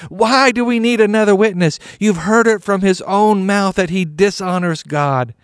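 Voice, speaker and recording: A man's voice: a little high, animated, moderate pace, no room sound, clean studio sound, natural voice. A man playing an indignant head priest. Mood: demanding. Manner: loud and accusing.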